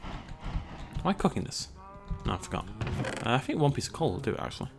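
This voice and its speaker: A man talks his way through a video game in a relaxed, rambling let's-play style, joking at his own expense and chatting to his viewers. His pitch bounces around a lot, swooping up and down as he goes. His voice sits in the middle of the usual range for a man. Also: brisk, gravelly, background noise. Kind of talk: casual gameplay commentary.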